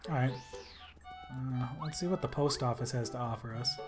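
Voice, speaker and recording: A man's voice: mid-range voice, moderate pace. Man, casual gameplay commentary, offhand, dry, game music behind. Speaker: let's play host.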